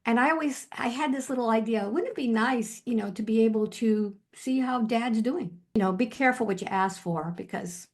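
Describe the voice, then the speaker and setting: A woman's voice: a little high, normal speed, few pauses. Older woman telling a personal story. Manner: animated, quotes herself, many fillers. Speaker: hypnotherapist guest.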